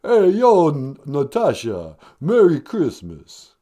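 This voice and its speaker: A slurring, halting tough-guy boxer growls his way through a call, all drawl and grit, as a man puts him on. The voice swings up and down as he talks. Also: a little high, wildly swooping pitch, mellow, pitched above the performer's own voice, exaggerated voice. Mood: gruff. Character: gravelly tough-guy boxer calling in, male, middle-aged. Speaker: caller.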